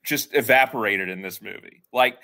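A man's voice: on the low side, moderate pace, gravelly. Chatty man hosting a film podcast. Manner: relaxed, chatty, many fillers. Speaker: podcast host. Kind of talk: casual film discussion.

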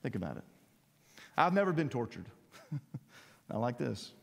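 A man's voice: medium pitch, big pitch swings, a little slow, gravelly. Emphatic male preacher in echoey hall. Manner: emphatic, rising to loud peaks then dropping quiet. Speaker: pastor. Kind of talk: sermon. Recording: long hall reverb.

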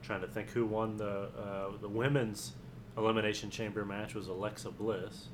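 A man's voice: on the low side, flat delivery, normal speed, background noise. A man co-hosting a podcast, rambling and laughing as he retells wrestling news in casual chat. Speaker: podcast co-host.

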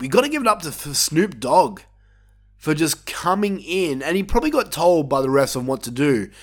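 A man hosting a wrestling podcast, giving a casual, opinionated review monologue with plenty of swearing and bursts of excitement. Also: fairly high pitch.

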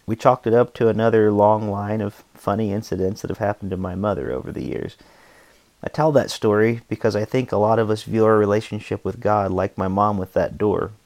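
Earnest man reading a devotional, low voice. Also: fairly quick, dry recording. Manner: earnest, steady teaching delivery. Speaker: podcast host and songwriter. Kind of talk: reading aloud from his own devotional book.

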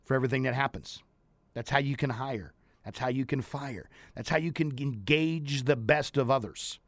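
A man's voice: mid-range voice, dry recording. A man hosting a talk radio hour on business leadership, talking energetically and repeating phrases for emphasis. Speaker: radio show host and leadership coach.

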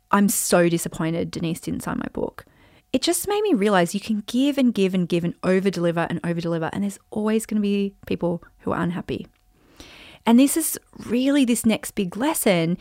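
A woman talks through a personal story as a podcast host, rambling and chatty, dropping fillers every few words. Her voice sits at a middle pitch, and the sound is close and dry with no room echo. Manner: chatty, rambling, many "like" and "you know" fillers. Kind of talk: casual storytelling monologue.

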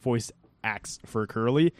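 A man's voice: mid-range voice, slow pace, dry recording. A young man co-hosting a podcast, talking earnestly in casual chat with many fillers. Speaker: podcast co-host.

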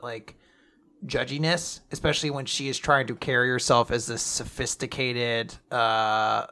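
A man's voice: medium pitch, bright, forceful tone. A man co-hosting a casual podcast, animatedly retelling a manga and acting out its characters' lines. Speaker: podcast co-host.

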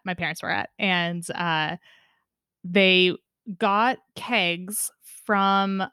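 A woman co-hosting a podcast, relaxed casual chat with frequent laughs and fillers. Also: fairly low pitch, smooth, no echo, studio quality.

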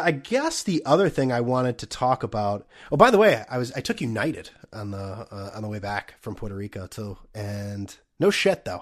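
Man on a profane comedic rant. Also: mid-range voice. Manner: profane, ranting, many restarts and stammers. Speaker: podcast host.

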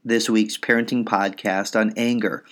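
A man with a fairly low voice talks through parenting advice on his podcast. He sounds calm and measured and explains things patiently, step by step. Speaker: psychologist podcast host. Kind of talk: educational parenting podcast talk.

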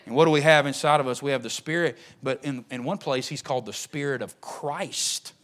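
A man preaching a sermon in a folksy, joking way, swinging from low and soft to loud, high shouting. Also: fairly quick.

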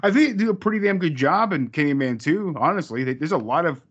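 Guy rambling about a movie, lots of swearing and restarts, kinda high voice, muffled lo-fi sound. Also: expressive, fast, fairly bright tone, breathy edge. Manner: rambling, profane, many restarts. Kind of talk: casual movie review chat.

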